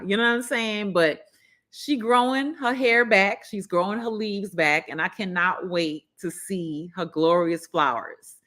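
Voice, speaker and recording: Her voice is lowish with a bit of brightness. Hosting a live stream for her gardening channel, this Southern US woman chats freely, shows her feelings openly, and keeps saying "you know."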